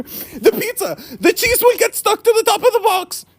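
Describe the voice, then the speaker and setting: A man telling funny personal stories in a casual, animated way, swearing and laughing as he goes. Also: very high-pitched, brisk. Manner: animated and exaggerated, swears and laughs mid-story. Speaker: storyteller. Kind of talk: casual comedic storytelling.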